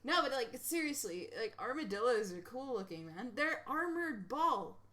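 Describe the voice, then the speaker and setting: Giggly bright-voiced woman streamer. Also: fairly high pitch, moderate pace. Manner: giggly, excitable, rambling. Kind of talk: casual reaction stream.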